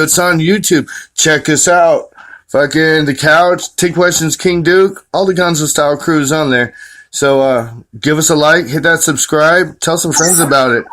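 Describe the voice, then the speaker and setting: A man's voice: a little high, a bit bright, rough recording. A man hosting a podcast in casual chat, easygoing and joking. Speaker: podcast host.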